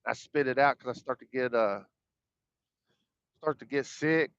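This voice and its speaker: A man's voice: medium pitch, measured pace, fairly bright tone, smooth, no room sound. A man telling a personal story in a folksy, rambling, colloquial way, acting out the dialogue. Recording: dull lo-fi dry sound.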